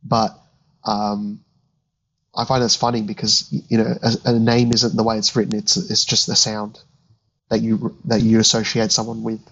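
A man's voice: fairly low pitch, completely flat delivery, moderate pace, fairly bright tone, breathy edge, low-quality recording. A man, co-hosting a podcast and thinking aloud in casual chat. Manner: musing, thinking aloud with restarts. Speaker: podcast co-host.

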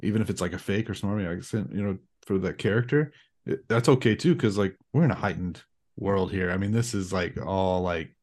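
A man's voice: sits low, fairly quick, a little mellow. A man talking as a podcast guest, rambling and hesitant with many restarts. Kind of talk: casual movie discussion.

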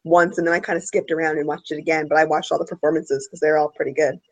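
Gravelly-voiced woman guesting on a podcast. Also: low voice, flat delivery, quick pace, poor audio. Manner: easygoing, peppers speech with "like". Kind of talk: casual podcast chat.

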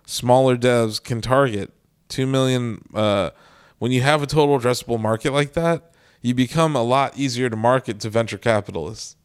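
A man in casual chat as a podcast co-host, with a smooth and resonant voice at a middle pitch. He explains his views earnestly and talks at length.

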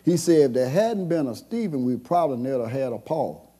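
A man preaching a sermon as pastor, moving between hushed passages and shouted calls. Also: medium pitch, big pitch swings, fairly quick, husky. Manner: call-and-response preaching, swings from soft to shouting.

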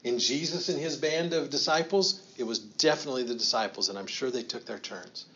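A man preaching a sermon, telling the story in an animated way with slow, emphatic phrases and quiet asides. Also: medium pitch, muffled recording, slight background noise. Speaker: pastor.

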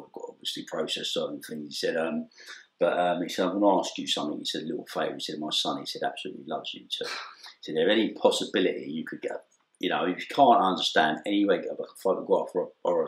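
Deep-voiced man telling a story. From England. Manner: animated storyteller, acts out dialogue, laughs often. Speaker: interview guest. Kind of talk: casual anecdote telling. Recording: echoey room.

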